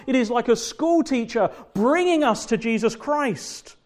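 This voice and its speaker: High-voiced fervent male preacher. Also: lively intonation. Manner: fervent preaching with emphatic repetition and slow drawn-out stresses. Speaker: pastor. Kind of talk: sermon.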